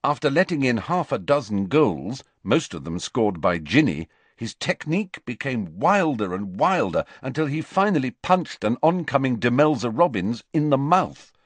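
Expressive male audiobook narrator. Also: medium pitch, no room sound. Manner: expressive, measured storytelling. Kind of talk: scripted narration.

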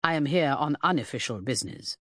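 A woman voicing a haughty, sharp-tongued Victorian male detective in an audiobook, speaking in a precise and imperious way. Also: deep voice, expressive, brisk, no echo, clean studio sound. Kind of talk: audiobook character voice.

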